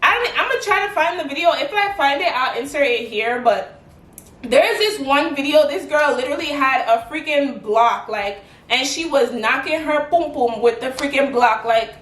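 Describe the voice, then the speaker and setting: Young adult woman, high voice, animated casual vlog chat, lots of filler words, echoey room, distant mic. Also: normal speed. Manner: animated, chatty, many "like" fillers. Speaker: vlogger.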